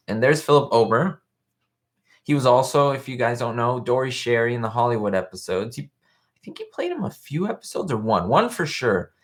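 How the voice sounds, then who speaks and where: A young man hosting a casual live-stream commentary, chatting in a rambling way and reading viewer comments aloud. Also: mid-range voice. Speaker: show host. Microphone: webcam live stream.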